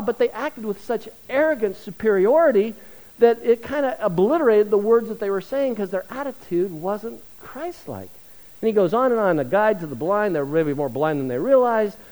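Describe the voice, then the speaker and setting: A man's voice: high voice, darkish tone, rough recording. A middle-aged male pastor preaching a sermon, telling stories with self-deprecating humor before turning earnest.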